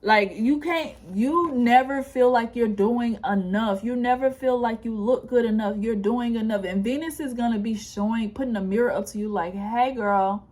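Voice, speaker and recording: Chatty higher-voiced woman reading tarot. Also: moderate pace, few pauses, darkish tone. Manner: chatty and encouraging, heavy on "like" and restarts. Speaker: tarot reader. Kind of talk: casual pick-a-card tarot reading.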